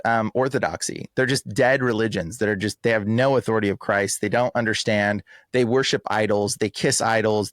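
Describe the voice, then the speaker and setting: A man talking in a casual podcast interview, emphatic and animated, full of slang like "bro" and "like". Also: medium pitch, dry recording, clean studio sound. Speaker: exorcist guest.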